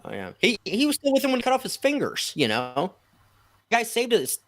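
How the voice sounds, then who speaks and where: A man co-hosting a casual podcast chat, talking in a lively way and trailing off mid-thought. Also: very high-pitched, fairly quick, dry recording. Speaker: podcast co-host.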